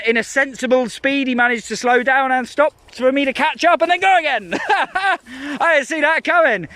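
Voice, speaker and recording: A man from Scotland with a Glasgow accent, a professional dog walker chatting excitedly to camera outdoors while calling commands to the dogs. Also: very high-pitched. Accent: Scottish, Glasgow. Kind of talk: casual vlog narration while walking dogs. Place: outdoors in parks and forest.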